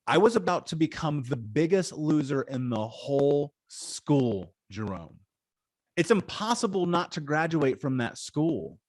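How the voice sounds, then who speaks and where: An animated man in his thirties tells his life story as an interview guest. He talks in slang, swears freely and acts out the people in his story. His voice sits at an ordinary middle pitch and sounds close and dry. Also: no echo. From Indiana, USA.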